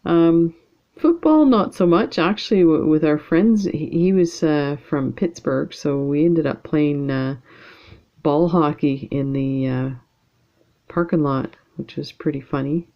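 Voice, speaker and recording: A Canadian woman with a deep voice hosts a beading channel, chatting to viewers as she works on a beading project at home. She speaks a little slowly in a casual, rambling way, full of fillers, and the recording is muffled.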